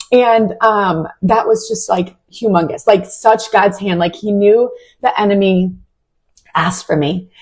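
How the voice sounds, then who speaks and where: A woman's voice: mid-range voice, a little mellow, husky. A young adult woman sharing a heartfelt personal faith testimony in a casual way, with many "like" fillers. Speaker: Christian podcast host.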